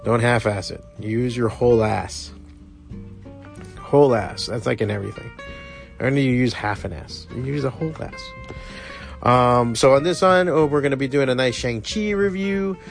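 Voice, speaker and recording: A man's voice: mid-range voice, brisk, vocal fry, soft background music. A middle-aged man with a Miami accent hosting his own podcast from his studio, rambling and swearing casually. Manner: rambling, profane, self-deprecating. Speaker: podcast host and comic shop owner. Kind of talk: casual solo podcast talk.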